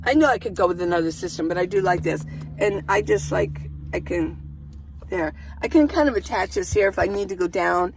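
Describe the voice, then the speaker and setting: A woman's voice: lowish voice, animated, a little fast, vocal fry, noisy background. A middle-aged woman vlogger chatting casually and rambling as she shows the inside of her minivan, with a camera held in her hand. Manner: chatty, rambling, laughs often.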